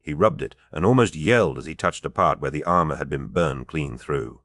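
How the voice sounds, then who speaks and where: A man narrates a fantasy audiobook in a steady, measured read. His voice is very low and the recording is dry and close, with no room sound. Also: no echo. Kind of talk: scripted narration.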